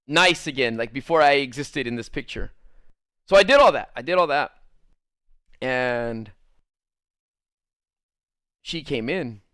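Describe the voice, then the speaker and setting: A man's voice: mid-range voice, pushed and bright, clear, resonant tone, no echo, studio quality. A young man casually telling a rambling personal story while gaming, packing his talk with "like" and acting out the people in it. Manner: rambling, filler-heavy, many "like"s. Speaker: streamer.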